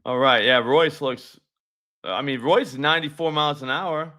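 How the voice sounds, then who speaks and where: Bright-voiced casual male betting host. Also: fairly high pitch, moderate pace. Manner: loose, profane, talks to chat viewers. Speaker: sports betting show host. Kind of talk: casual live-stream chat.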